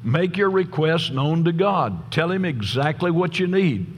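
A man's voice: a little high, expressive, unhurried, husky. A middle-aged man preaching a sermon as pastor, folksy and storytelling, often asking his listeners "Amen?". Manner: folksy, tells jokes, asks the crowd "Amen?". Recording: long reverb from a large church hall.

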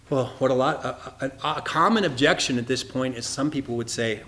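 A man's voice: medium pitch, fairly quick, hardly any pauses, a bit bright. A man giving an earnest sermon, often repeating words and speaking straight to his listeners. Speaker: preacher teaching evangelism.

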